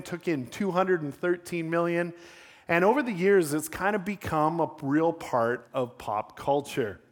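A man giving a sermon-style talk, retelling a story in a conversational way with dry, self-deprecating humor. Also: on the high side.

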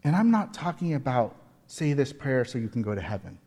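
A man's voice: medium pitch, big pitch swings, fairly quick, mellow. A man in his forties preaching a sermon, telling personal stories with earnest, emphatic repetition. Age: 40s. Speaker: pastor. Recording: long hall reverb.

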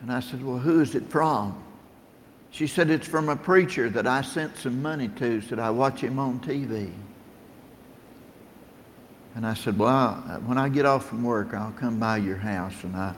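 Preacher with a long hall echo. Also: male voice, medium pitch, normal speed, a little hiss or hum. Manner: plain-spoken, storytelling, rising emphasis on scripture. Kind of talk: sermon. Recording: long reverb of a large room.

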